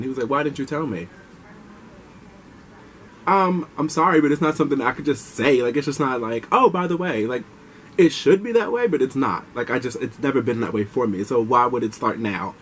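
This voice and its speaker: A young man talks straight to his viewers in a chatty, animated way, moving between retelling his own story and giving heartfelt advice. His voice sits at an ordinary middle pitch, and a faint hum runs behind him. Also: quick pace, rough recording. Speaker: vlogger. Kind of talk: personal storytelling to camera.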